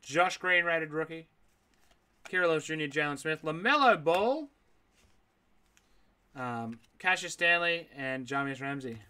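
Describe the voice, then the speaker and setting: A man with a bright, forceful voice running a live card break. He reads out names one after another and answers viewers' chat as he goes, in a slightly high register. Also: a little slow, long pauses, slight background noise. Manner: rattles off names, reacts aloud, chats with viewers. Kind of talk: live card-opening stream.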